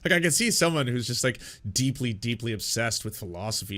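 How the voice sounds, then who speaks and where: A man's voice: medium pitch, animated, fast talker, a bit bright. A man hosting political commentary, reacting to played clips with sarcasm, laughter and profane asides.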